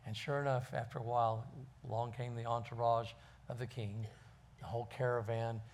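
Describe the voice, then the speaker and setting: Male preacher, folksy storyteller, mid-pitched. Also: level tone, a little fast, slight background noise. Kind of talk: sermon with storytelling.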